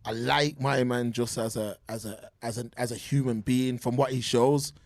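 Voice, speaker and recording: A man co-hosting a casual sports podcast over a remote call, animated and full of restarts. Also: mid-range voice, moderate pace, dry recording, studio quality. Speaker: podcast co-host. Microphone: remote call mic.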